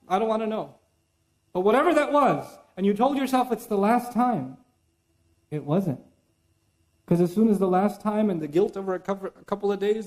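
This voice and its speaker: Guy with a high voice doing a religious talk, chatty and animated, drops arabic verses in. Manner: animated, conversational, mixes in Arabic recitation. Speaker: Islamic lecturer. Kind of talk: religious lecture.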